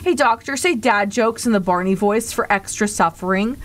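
A woman's voice: mid-range voice, moderate pace, hardly any pauses, a little hiss or hum. A woman streamer chatting casually during a live game, theatrical and prone to exaggerated outbursts and groans.

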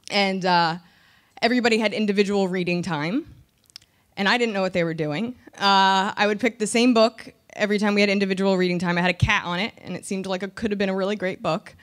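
A woman comedian in her thirties from New Jersey, telling a personal story candidly and with self-deprecating humor. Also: on the low side. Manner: candid, self-deprecating, animated when recounting.

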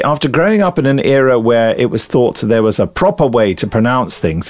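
A man co-hosting a podcast, chatting casually and reading listener emails aloud in a lively, amused way. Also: mid-range voice. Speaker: podcast co-host.

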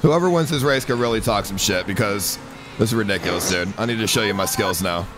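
A young man streaming a racing game, trash-talking and swearing at his friends, often yelling when things go wrong. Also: fairly low pitch, fast talker, music in the background. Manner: yells when the race goes badly. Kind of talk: gaming stream chat.

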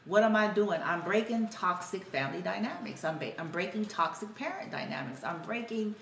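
A woman's voice: medium pitch, lively intonation, brisk, fairly bright tone, recorded from a distance, slight background noise. Woman talking in an echoey room. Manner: conversational, reflective, quotes her son and herself. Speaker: spiritual healer and parent vlogger. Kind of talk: casual storytelling monologue. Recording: echoey room, somewhat off-mic, faint ambience.

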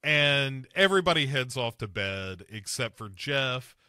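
A man's voice: medium pitch, animated, unhurried, bright, forceful tone, clear, resonant tone, no room sound, studio quality. A man hosting a podcast, recapping a film scene by scene in casual chat and slipping into mocking voices for the characters. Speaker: podcast host.

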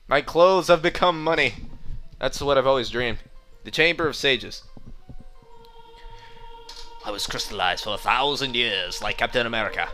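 A young Australian man giving goofy, excitable commentary while playing a video game. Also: mid-range voice, slow pace, pauses often, faint music behind. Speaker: let's play gamer.

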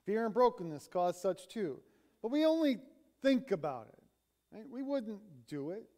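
A man's voice: high voice, very animated, a little slow, dark tone. A male pastor delivering a sermon in a church, telling a story as he preaches. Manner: storytelling, retelling a conversation. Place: church sanctuary.

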